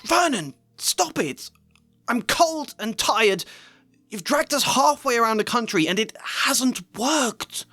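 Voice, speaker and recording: A man's voice: very high voice, expressive, takes it slowly, sharp tone, no room sound, voice pushed up, heavily acted. A man reading aloud and voicing a bitter, jealous middle-aged aunt who shrieks and rants. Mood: shrieking. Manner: shrieking, ranting.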